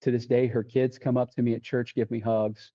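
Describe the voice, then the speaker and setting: A man with a warm, mellow voice tells his faith testimony as a podcast guest. He acts out what people said in quoted lines and often restarts mid-sentence. The sound is dull and lo-fi. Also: mid-range voice, level tone, fairly quick. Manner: vivid retelling with quoted dialogue and frequent restarts. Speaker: deputy sheriff and podcast guest. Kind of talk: testimony storytelling.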